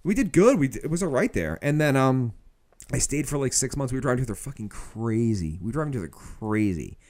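A man's voice: medium pitch, fast. A man in his forties co-hosting a podcast, swearing freely as he tells long stories in casual chat. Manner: swears constantly, animated storyteller. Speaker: podcast co-host.

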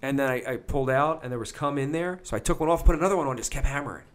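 A middle-aged man, hosting a podcast and telling crude, comic stories with lots of swearing and bursts of loud put-on voices. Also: mid-range voice, racing. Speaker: podcast host. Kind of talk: crude comedic storytelling.

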